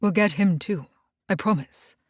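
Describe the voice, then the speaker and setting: Woman reads the devil: a powerful, calmly menacing man in an audiobook, quiet and controlled, mid pitch, dry. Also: measured pace, dry recording, natural voice. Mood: calm commanding. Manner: low, calm, controlled threat.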